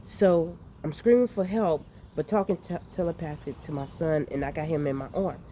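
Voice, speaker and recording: A woman, telling a dream in a rambling, profane, animated way. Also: sits low, normal speed, a little hiss or hum. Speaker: vlogger recounting a dream. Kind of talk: casual storytelling.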